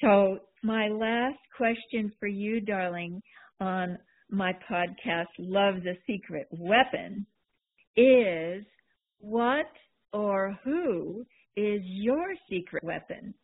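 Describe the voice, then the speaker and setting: A woman hosting a podcast interview, effusive and warm in her words, calling her guest darling. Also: medium pitch, slow. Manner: effusive, calls people darling. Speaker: podcast host. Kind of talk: casual interview talk. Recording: phone-like call audio.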